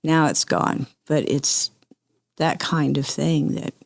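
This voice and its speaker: Podcast host woman, low gravelly voice, attentive, keeps saying mm-hmm. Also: steady tone, takes it slowly, dry recording. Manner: attentive, frequent affirming murmurs. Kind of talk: interviewing.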